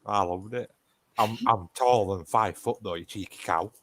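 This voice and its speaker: A man's voice: lowish voice, moderate pace, a bit bright. A man bantering in a casual chat, joking and swearing.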